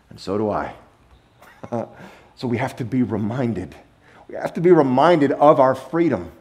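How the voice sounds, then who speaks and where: A man preaching a sermon to a church congregation, talking in a conversational way, laughing easily and stretching out key words for emphasis. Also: mid-range voice. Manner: conversational and animated, with playful laughs and drawn-out emphasis. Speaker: pastor. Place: church sanctuary.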